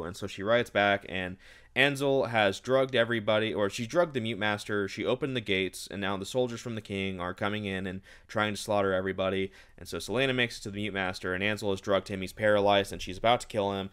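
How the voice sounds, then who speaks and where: A man recapping a book in a casual, rambling rant, dripping with sarcasm. His voice sits on the low side. He sounds exasperated throughout. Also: fairly even intonation, fast talker, fairly bright tone, clean tone. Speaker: book reviewer.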